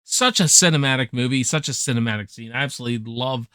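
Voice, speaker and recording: A young man giving a casual, excited film review, swearing freely and packed with slang. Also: medium pitch, fast talker, smooth, no echo, clean studio sound. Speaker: movie reviewer.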